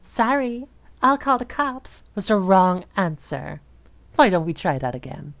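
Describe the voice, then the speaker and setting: A woman's voice: medium pitch, big pitch swings, gravelly, no room sound. A woman playing a possessive, unstable mistress. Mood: possessive, crooning. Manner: soft, slow, murmuring, teasing delivery. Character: obsessive, possessive dominant woman captor, unstable. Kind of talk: audio role-play.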